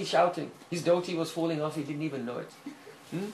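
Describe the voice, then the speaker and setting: Animated preacher with roomy echo. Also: male voice, fairly high pitch, a little fast, gravelly. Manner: animated storyteller, frequent "hmm?" checks, chuckles. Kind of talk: sermon storytelling. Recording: echoey room, faint hiss.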